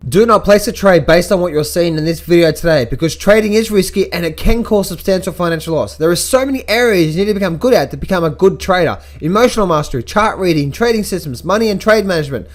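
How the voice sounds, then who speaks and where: A man's voice: sits high, expressive, fast talker, few pauses, faint music behind. A man giving a casual market-update vlog as a trader, talking emphatically and often repeating words and restarting sentences.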